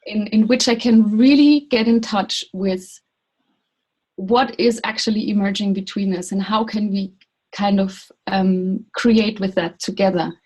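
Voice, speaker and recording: A woman's voice: medium pitch, fairly even intonation, unhurried, darkish tone, low-quality recording. A woman introducing herself on a video call, searching for words and repeating herself. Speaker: course participant.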